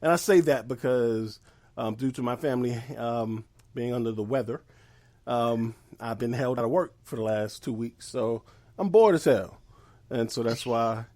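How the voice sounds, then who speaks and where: A man's voice: medium pitch, a little slow, darkish tone, no echo. A man co-hosting a podcast, chatting in a laid-back, easygoing way with plenty of ums. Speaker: podcast co-host. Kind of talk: casual podcast chat.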